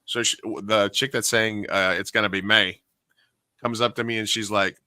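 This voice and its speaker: A man co-hosting a casual podcast, telling an animated story and acting out the voices of the people in it. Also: fairly low pitch, moderate pace, dry recording. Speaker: podcast co-host and karaoke host.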